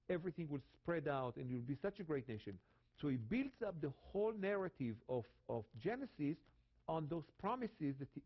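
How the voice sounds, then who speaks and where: A man's voice: a little high, muffled recording. A man from Israel with an Israeli accent, teaching about the Bible in a dramatic way and repeating phrases for emphasis. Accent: Israeli Hebrew. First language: Hebrew.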